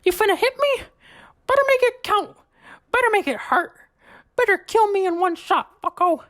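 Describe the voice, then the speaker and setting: A young man voicing a drunk, foul-mouthed, violent male cartoon mouse in a high, squeaky falsetto with an abrasive, taunting manner. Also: expressive, normal speed, pushed and bright, full character voice.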